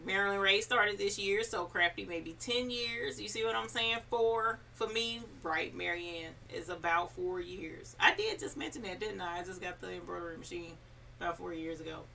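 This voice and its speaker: Live-stream host, woman, lowish and bright, reads chat aloud, off-mic. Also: moderate pace, creaky, distant mic, slight background noise. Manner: reads viewer comments aloud, chatty and encouraging. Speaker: embroidery channel host.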